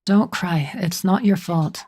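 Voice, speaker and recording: A woman's voice: fairly low pitch, slow, warm tone. A woman voicing a blunt young mercenary leader in a plain voice.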